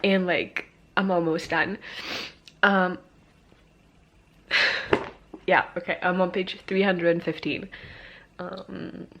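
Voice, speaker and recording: A woman in her early twenties, tearful after crying, talking haltingly to her camera about a book in an emotional reading vlog. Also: on the low side, steady tone, vocal fry, pushed and bright, highs cut off. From Sweden. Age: early 20s. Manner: emotional, halting, many fillers and sighs. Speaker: book vlogger. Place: alone at home talking to camera.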